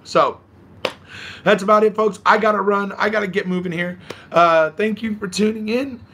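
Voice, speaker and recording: Hoarse man chatting on a live stream. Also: high-pitched, steady tone, normal speed, fairly bright tone, a little hiss or hum. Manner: chatty, reads viewer comments aloud, laughs often. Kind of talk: casual live-stream chat. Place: at home by a balcony.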